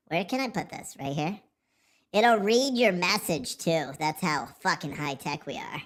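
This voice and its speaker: A man's voice: fairly high pitch, lively intonation, unhurried, fairly bright tone. A man hosting a casual livestream, joking, rambling and swearing freely as he reads the chat. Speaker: livestream host.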